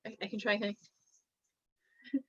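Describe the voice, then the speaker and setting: A woman teaches a classroom lecture in a middle-pitched voice, walking through each point as she draws and pausing to ask "right?". The recording is dull and lo-fi, with a dry, close sound. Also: level tone, pushed and bright, slightly rough, dry recording. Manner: explains while drawing, checks in with "right?" often.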